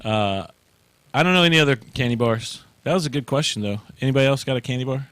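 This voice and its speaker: A man's voice: medium pitch, animated, quick pace, a bit bright, clean tone, no room sound. Teasing, playful man hosting a talk show. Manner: playful, teasing, laughs often. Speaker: show host. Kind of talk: casual comedic chat.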